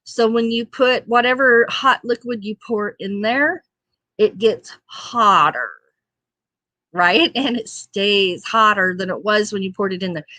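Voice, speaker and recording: Slow, bright woman host. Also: mid-range voice, dry recording. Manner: chatty and homey, laughs often, many fillers. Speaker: livestream talk show host. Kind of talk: casual chat reading viewer comments.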